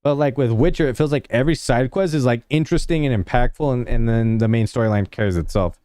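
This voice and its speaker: A man's voice: mid-range voice, fast, mellow, clean tone, no room sound, clean studio sound. A young man casually chatting with his livestream viewers, rambling and filling his talk with "like". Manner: rambling, heavy use of "like" fillers; laid-back, talks to chat.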